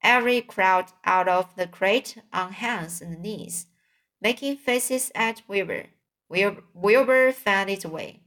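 A woman narrating a children's storybook, reading in a deliberate, careful way. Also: medium pitch, a bit bright. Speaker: audiobook narrator.

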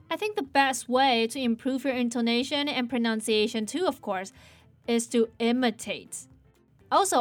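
A woman hosting a casual English lesson, playful and animated, modeling sentences slowly and repeating them. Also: sits high. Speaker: English teacher.

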